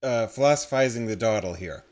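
A man's voice: on the low side, lively intonation, fairly quick, darkish tone. A man co-hosting a casual discussion podcast, explaining ideas at length in a thoughtful way. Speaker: podcast co-host.

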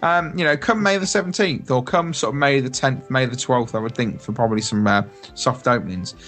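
A man's voice: mid-range voice, brisk, a bit bright. Brief: male podcast host, chatty and rambling, faint background music. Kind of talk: casual chat.

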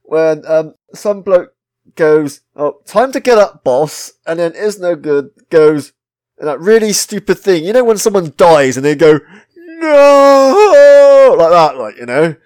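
Chatty British man, slightly high voice. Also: expressive, normal speed, darkish tone. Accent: British English. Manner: chatty, swears freely, laughs often, self-mocking. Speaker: podcast host reviewing a retro game. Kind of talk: casual chat.

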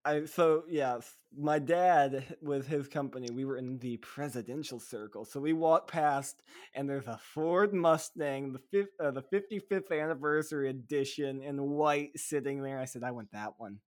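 A man co-hosting a laid-back podcast, chatting with eager excitement. He rambles freely, leaning on fillers like "um" and "like" and restarting his sentences as he goes. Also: fairly high pitch, normal speed, few pauses. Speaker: podcast co-host. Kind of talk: casual chat.

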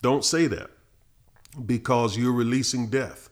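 A middle-aged man, a pastor teaching Bible verses on a podcast, who gets louder and higher when he reads scripture. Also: measured pace. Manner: preachy, rises in pitch and force reading scripture.

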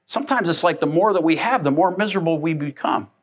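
A man preaching a sermon to a congregation, telling lively everyday stories and acting out the people in them. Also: a little high, fast talker. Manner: animated storytelling, acting out family members. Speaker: pastor.

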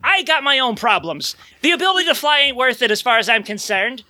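A man's voice: very high-pitched, a little fast, exaggerated voice. A man doing a lazy, sarcastic guardian angel. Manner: laughing, sarcastic, lively. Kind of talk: comedic script read-through.

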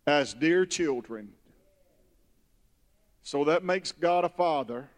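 A man preaching a sermon, reading scripture and breaking into loud emphatic bursts. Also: a little high. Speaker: pastor. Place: church sanctuary. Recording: long hall reverb.

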